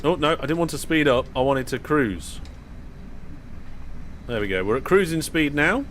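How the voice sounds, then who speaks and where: A man's voice: fairly high pitch, lively intonation, moderate pace, a bit bright, a little hiss or hum. Chatty British man streaming a train game. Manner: chatty, talks to viewers while playing, frequent fillers and restarts. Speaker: streamer driving a train simulator. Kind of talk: casual live-stream commentary.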